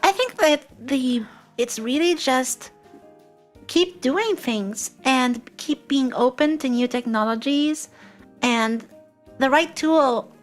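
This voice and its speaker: A woman interviewing a fellow streamer, rambling in a casual chat with lots of fillers and frequent throat clearing. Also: high-pitched, lively intonation, slow pace, soft background music. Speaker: guest interviewer.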